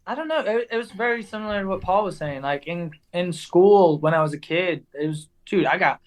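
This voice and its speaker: A man's voice: high-pitched, animated, a little fast. Young man with a mixed English accent. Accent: mixed English and American Southern. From England. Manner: chatty storyteller, says "dude" and "like" a lot. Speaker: motorcycle racer guest. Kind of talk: casual chat.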